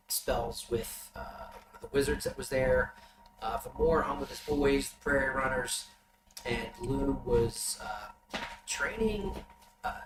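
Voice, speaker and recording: A man running a tabletop game as game master, giving a loose, halting recap of the last session to his players. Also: medium pitch. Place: room shared with players at the table. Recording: roomy, distant mic, background noise.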